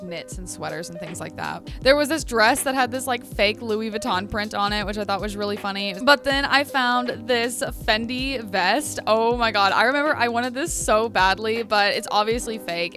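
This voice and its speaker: A young woman chatting in a casual, bubbly vlog, full of fillers, filmed at home and out on the streets. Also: mid-range voice. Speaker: vlogger. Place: apartment, then city streets and shops. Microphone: handheld camera.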